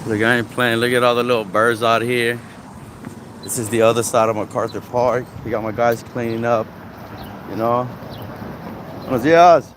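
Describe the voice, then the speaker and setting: A man's voice: mid-range voice, level tone, moderate pace, noisy background. A man livestreaming on a walk through a city park, talking casually and rambling with lots of filler. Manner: casual, rambling, lots of "you guys" and "you know". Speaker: street vlogger. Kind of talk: walking street livestream. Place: outdoors in a city park by traffic.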